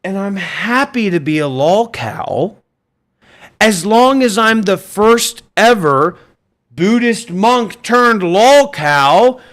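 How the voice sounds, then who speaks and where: A man's voice: high-pitched, animated, slow, a bit bright. A man hosting a livestream, ranting in an intense, profane and combative way. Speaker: livestream host, former monk. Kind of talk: livestream rant.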